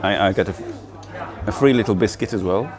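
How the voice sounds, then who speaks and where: A man's voice: on the low side, brisk. A middle-aged man chatting casually on a livestream from a cafe, laughing often and poking fun at himself, recorded on a laptop mic. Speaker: livestream host.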